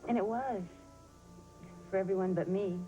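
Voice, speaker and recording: A woman's voice: mid-range voice, moderate pace, dark tone, highs cut off, faint music behind, natural voice. An actress playing a young woman patient who speaks bluntly and candidly. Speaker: actor. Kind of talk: sitcom drama acting.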